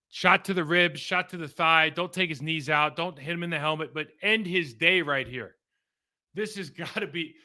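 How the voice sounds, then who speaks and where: A middle-aged man talks through football game film in a casual, rambling way, often restarting sentences and drifting into asides. His voice is very bright and forward, sitting slightly above the usual male pitch. The delivery stays animated and conversational. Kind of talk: casual film breakdown commentary.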